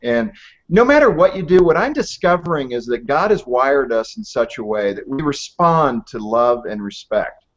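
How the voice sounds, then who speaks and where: A man's voice: mid-range voice, very animated. A middle-aged man giving an interview, telling stories earnestly and building his points with emphasis. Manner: earnest, storytelling, emphatic with pauses. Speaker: author and ministry head, interview guest. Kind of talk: conversational interview. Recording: dull lo-fi audio.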